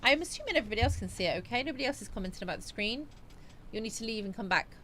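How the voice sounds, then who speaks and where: A woman's voice: on the high side, animated, racing, a bit bright, slight background noise. A woman hosting a casual livestream, reading viewer comments aloud and musing on them in a chatty, rambling way. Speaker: livestream host.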